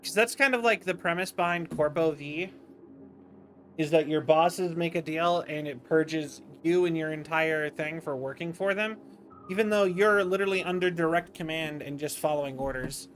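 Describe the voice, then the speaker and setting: High-voiced, tired, rambling streamer man. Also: normal speed, a bit bright. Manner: rambling, self-interrupting, chatty. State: tired, yawning. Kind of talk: casual livestream commentary.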